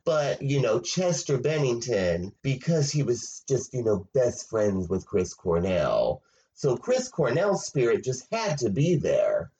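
A man's voice: mid-range voice, darkish tone. A man hosting a casual commentary, talking in a sarcastic, mocking way and laughing often. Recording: dull lo-fi sound.

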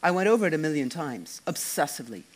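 A man reading a first-person novel, wry and expressive. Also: on the high side, quick pace. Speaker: audiobook narrator.

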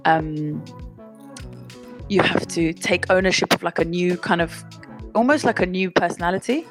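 A woman's voice: lowish voice, normal speed, soft background music. A woman musician being interviewed, talking chattily, often cutting herself off and laughing. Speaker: musician guest. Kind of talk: casual interview chat. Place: London, remote call.

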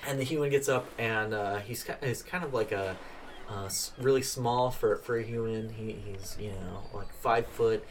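A man's voice: lowish voice, normal speed, a little hiss or hum. Rambling male game master, off mic. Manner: loose, rambling, lots of fillers. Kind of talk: narrating a tabletop game. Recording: far from the mic with music behind.

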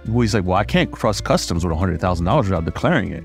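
A man, a podcast guest, telling stories casually in an animated way, laughing and acting out dialogue. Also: low-pitched, racing, creaky, faint music behind. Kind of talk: casual storytelling.

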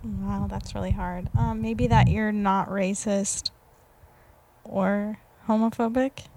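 A woman guesting on a podcast talks in a casual, unhurried way. Her voice sits at a middle pitch. She hesitates often and teases gently. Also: steady tone, slight background noise. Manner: hesitant, laughs often, teasing. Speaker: guest, host's partner. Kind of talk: casual chat.

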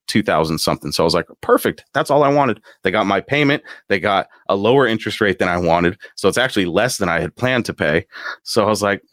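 A man's voice: deep voice, no room sound, studio quality. A man casually telling a story, acting out the voices in it and laughing as he goes. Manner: animated, acts out quotes with laughs.

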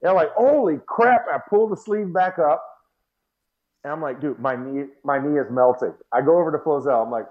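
Animated storytelling man, dull lo-fi sound. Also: a little high, moderate pace. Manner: animated storyteller, acts out his own reactions. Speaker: former football player. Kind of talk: casual storytelling chat.

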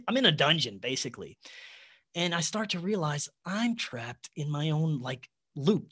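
A man, a podcast guest, telling a personal story in an excitable way, with sudden jumps in loudness. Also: mid-range voice.

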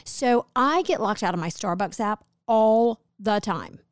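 A woman's voice: on the high side, lively intonation, unhurried, clear, resonant tone, no echo, clean studio sound. A middle-aged woman chatting with her husband, rambling through a story in a chatty way. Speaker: co-host, host's wife. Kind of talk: casual chat.

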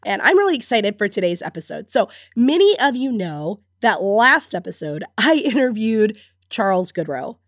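A woman's voice: medium pitch, very animated, moderate pace, no echo, studio quality. A woman hosting her own podcast while sick, congested and scratchy-voiced, talking in an upbeat way with frequent little laughs. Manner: upbeat, laughs often between phrases. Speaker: podcast host and business coach. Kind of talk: solo podcast talk.

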